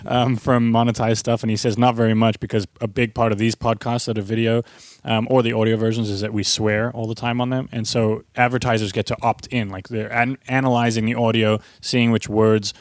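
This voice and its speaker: Regular-pitched guy chatting easy on a podcast, bit of a chuckle, dry sound. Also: little pitch movement, fairly quick, few pauses, dry recording. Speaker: podcast co-host. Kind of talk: casual chat.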